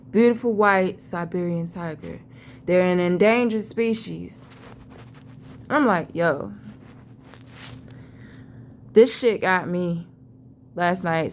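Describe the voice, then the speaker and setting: A woman's voice: lowish voice, slight background noise. A woman vlogger, telling a rambling, profane, emphatic story about a vision. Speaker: spiritual vlogger. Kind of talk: casual storytelling monologue.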